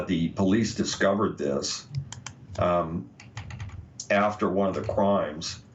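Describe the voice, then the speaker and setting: American male podcast host, low register, halting delivery, dull lo-fi recording. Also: distant mic. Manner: hesitant, many uh fillers. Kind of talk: casual podcast talk, reading documents aloud. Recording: dull lo-fi audio.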